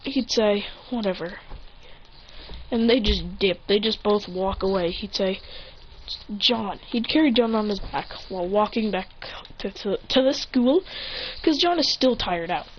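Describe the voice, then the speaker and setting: A woman's voice: mid-range voice, expressive, normal speed, a little hiss or hum. A young-sounding woman rambling through an improvised fan story, often correcting herself mid-sentence, on a lo-fi recording. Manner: rambling, restarts, self-corrections.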